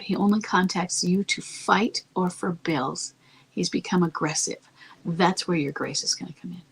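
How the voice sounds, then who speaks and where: A woman giving marriage-coaching advice in a soft, calm, often near-whispered delivery that stays earnest and reassuring. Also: fairly low pitch, husky, low-quality recording. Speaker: marriage coach answering a listener's question. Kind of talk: advice talk.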